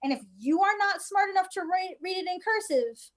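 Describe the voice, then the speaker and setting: A woman's voice: extremely high pitch, lively intonation, brisk. A woman guest in a casual chat, rambling and wry, with lots of "like" fillers. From United States. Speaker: guest cosplayer.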